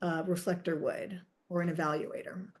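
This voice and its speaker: A woman hosting a podcast in casual chat, animated and jokey, thinking aloud as she explains. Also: fairly low pitch, normal speed. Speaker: podcast host and Human Design reader.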